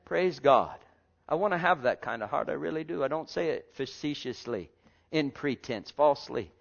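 A man preaching a fervent sermon, calling out to the congregation, dropping to soft low words and rising to loud high exclamations. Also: moderate pace, creaky. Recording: dull lo-fi recording.

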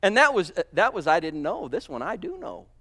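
A man preaching a sermon, fervent, swinging between loud exclamations and hushed asides. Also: high-pitched, very animated, fairly quick.

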